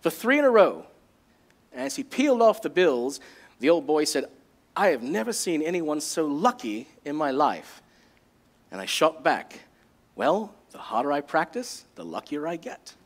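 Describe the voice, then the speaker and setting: A man's voice: fairly high pitch, big pitch swings, normal speed. A man putting on a South African accent to voice a veteran golfer telling a dry, boastful story. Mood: wry. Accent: put-on South African.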